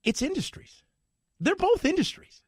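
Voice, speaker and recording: A man hosting a talk radio show, his voice pitched high and swinging widely as he argues. He is sarcastic and animated, recorded dry on a studio mic with no room sound. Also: normal speed, dry recording. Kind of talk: opinionated talk radio monologue.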